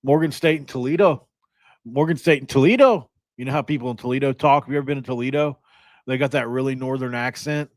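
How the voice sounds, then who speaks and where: A young man from West Virginia talks through a sports podcast with loose, rambling chatter and self-deprecating jokes. His voice sits at a middle pitch and is recorded close and dry, with no room sound. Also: steady tone, fast, no room sound. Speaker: podcast host. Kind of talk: casual sports podcast chat.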